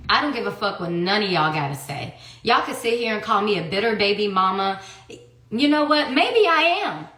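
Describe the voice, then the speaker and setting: A woman in her thirties tells her own story in a heated, profane monologue packed with rhetorical questions. Her voice is medium-pitched with a fairly bright tone, and the recording has a roomy echo.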